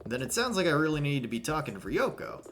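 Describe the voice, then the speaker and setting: Brief: man doing an earnest, bright-toned young lawyer, inquisitive, plain delivery. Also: a little high, big pitch swings, fast talker, slight background noise. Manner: earnest, questioning, slightly hesitant. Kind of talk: reading game dialogue aloud.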